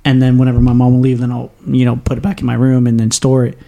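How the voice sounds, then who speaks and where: A man's voice: medium pitch, completely flat delivery, fast, creaky, dark tone. A young man hosting a podcast, telling a long story in a rambling, profane, casual way with frequent laughs. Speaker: podcast host. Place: small home studio.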